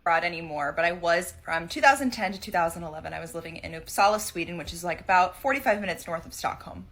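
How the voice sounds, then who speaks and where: A woman's voice: on the low side, quick pace, a bit bright. A woman telling a personal story to camera in a casual, chatty way.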